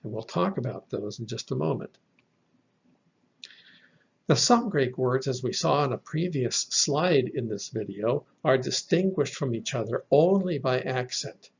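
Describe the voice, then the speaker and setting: Male teacher, slow and patient, husky gravelly voice, lo-fi voice-over. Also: medium pitch, lively intonation. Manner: slow, patient explaining with fillers. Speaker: Bible Greek teacher. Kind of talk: slide-based lesson.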